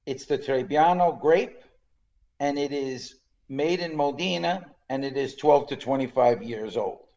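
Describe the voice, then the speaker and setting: A man's voice: medium pitch, a little slow, warm tone. Man in his sixties, dull lo-fi sound. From Canada. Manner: storytelling, acts out quotes with a put-on accent. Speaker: podcast co-host. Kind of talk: casual chat.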